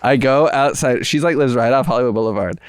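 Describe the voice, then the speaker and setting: Animated young man telling a story. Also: mid-range voice, quick pace. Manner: animated, acts out quoted voices, laughs often. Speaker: podcast co-host. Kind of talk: casual storytelling chat.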